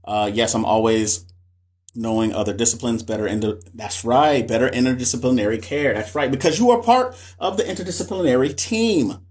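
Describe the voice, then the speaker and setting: A man's voice: medium pitch, a little fast, a little mellow. A man who is a nurse educator, chatting casually with viewers on a live stream, loose and slangy, often repeating himself. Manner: loose, slangy, repeats phrases, talks straight to chat. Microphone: phone or webcam for a live stream.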